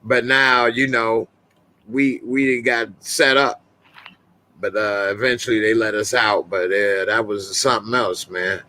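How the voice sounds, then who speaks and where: Bright-voiced man telling stories on a stream. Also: fairly low pitch, fairly even intonation, a little slow. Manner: loose storytelling with slang and frequent laughs. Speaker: host of a live talk stream. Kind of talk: casual live-stream chat.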